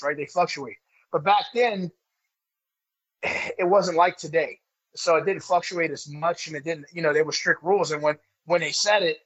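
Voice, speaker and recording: Heard through dull lo-fi audio, a former pro wrestler in his forties speaks in a slightly high, fairly bright voice. He's a guest telling a story casually, rambling, swearing, and saying "bro" over and over.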